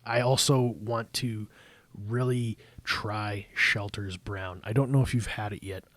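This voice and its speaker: A man's voice: fairly low pitch, unhurried, dry recording. Laughing Canadian man telling stories. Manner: animated storyteller, laughs often. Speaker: podcast host from the brewery. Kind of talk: casual chat.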